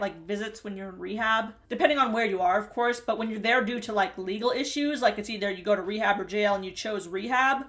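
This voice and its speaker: A woman's voice: mid-range voice, a bit bright. A woman hosting a reality TV recap in a casual commentary style, snarky and chatty, laughing often between remarks.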